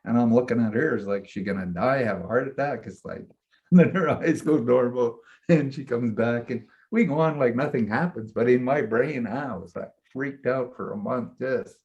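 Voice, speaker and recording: Male shaman-mentor, casual storyteller, mid-pitched, loose and animated, muffled lo-fi sound. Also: normal speed. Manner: rambling, animated retelling with frequent "I'm like".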